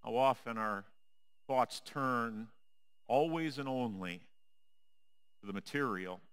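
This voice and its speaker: A man delivers a sermon from the pulpit of a church at an unhurried, drawn-out pace, his voice sitting in an ordinary middle register. He preaches with measured drama, sinking low and quiet whenever he returns to his refrain. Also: smooth. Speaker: pastor. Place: church sanctuary.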